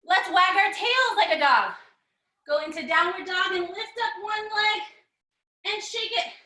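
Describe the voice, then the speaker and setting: Cheerful kids' yoga teacher: a woman with a very high, bright voice and an unhurried, sing-song delivery, recorded in an echoey room. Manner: animated and encouraging, greets children by name; sing-song, drawn-out storybook chanting. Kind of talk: children's yoga lesson.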